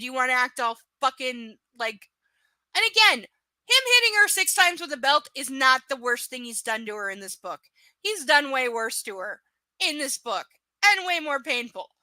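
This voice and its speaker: Woman, high-pitched, sharp bright tone, dry close sound, live book reading, sarcastic, profane, exasperated commentary. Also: sing-song, normal speed, no echo. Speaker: host reading a novel aloud on a livestream.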